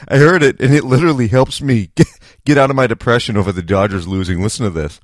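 A man's voice: medium pitch, brisk, no room sound, studio quality. A man hosting a podcast in a chatty casual monologue, laughing often. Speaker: podcast host.

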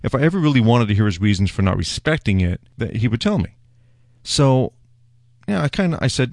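A man's voice: medium pitch, very animated, a little fast, darkish tone, dry recording, studio quality. A man hosting his own beer show, talking casually in a rambling, wry, self-mocking way as he tastes a beer. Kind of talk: casual solo beer-tasting talk.

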